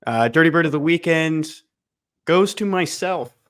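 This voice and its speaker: A man's voice: fairly high pitch, normal speed. Young guy on a sports podcast, laid back, pokes fun at himself. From Houston area. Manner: relaxed storytelling, self-deprecating. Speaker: podcast co-host. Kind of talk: casual chat.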